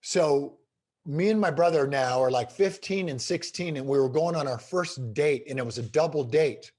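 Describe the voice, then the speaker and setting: Husky, animated middle-aged man telling stories. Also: a little high, moderate pace. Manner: animated, emphatic storyteller. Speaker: guest speaker. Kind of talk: storytelling in a podcast interview.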